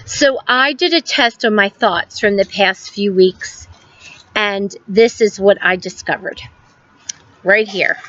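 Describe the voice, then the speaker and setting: A woman in her fifties, a school guidance counselor giving a recorded lesson to students, telling a story gently with many ums and reflective questions. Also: mid-range voice, slow pace, dry recording, highs cut off. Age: 50s.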